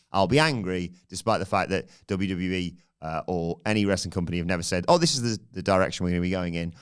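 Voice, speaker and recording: A man's voice: deep voice, fairly bright tone, clean tone. A man hosting a wrestling podcast, thinking aloud in a casual, rambling way. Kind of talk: solo podcast commentary.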